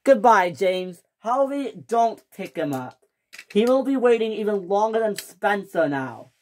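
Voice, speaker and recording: A strict middle-aged railway controller giving firm, scolding orders, as a woman narrating a toy train story puts him on. Slow and deliberate, with the pitch rising and falling widely. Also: big pitch swings, darkish tone.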